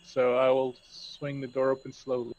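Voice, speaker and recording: A man's voice: mid-range voice, completely flat delivery, normal speed, a little mellow, slight background noise. A man playing a tabletop game, describing his character's moves in a playful, joking way. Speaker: player. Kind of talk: casual tabletop game play. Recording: muffled lo-fi audio.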